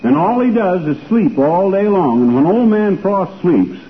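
An actor playing a folksy, blustering small-town husband who spins tall tales, in a 1940s radio comedy. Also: male voice, high voice, animated, measured pace. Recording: tinny old radio broadcast with faint hiss.

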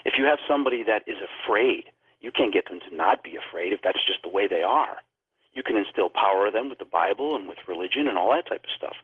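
A man's voice: on the low side, fast, husky, no echo. A man telling a paranormal story as a guest on a talk show, acting out the people he quotes. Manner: animated, acts out quoted dialogue. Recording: phone-line sound.

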